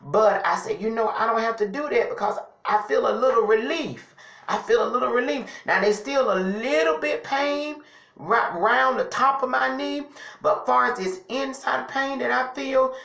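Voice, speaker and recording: A woman's voice: fairly high pitch, normal speed, gravelly, fairly bright tone. A woman telling a personal story to her viewers in a chatty, testifying way, often saying "y'all". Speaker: vlogger. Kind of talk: casual storytelling to camera. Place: at home. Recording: echoey home room.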